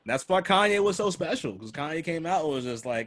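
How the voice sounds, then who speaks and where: A man's voice: on the high side, expressive, a little fast, a bit bright. A man hosting a casual podcast chat, telling loose, profane stories and acting out the people he quotes. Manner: loose, profane storytelling that acts out quoted voices. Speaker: host.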